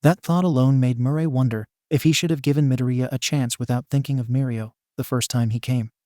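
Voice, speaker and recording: Guy reading fan fiction out loud, steady, dark mellow voice, dry close mic. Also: mid-range voice, fairly quick, no room sound. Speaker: narrator.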